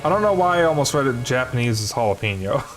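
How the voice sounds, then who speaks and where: A man chats casually while streaming a game, rambling and self-deprecating. His voice sits at an ordinary mid pitch. He talks in an easygoing, offhand way. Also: sing-song, very fast, faint music behind.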